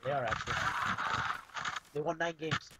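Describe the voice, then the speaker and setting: A man's voice: on the high side, moderate pace. A man giving profane, grumbling live commentary while playing a shooter game. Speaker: gamer. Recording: loud game noise over voice.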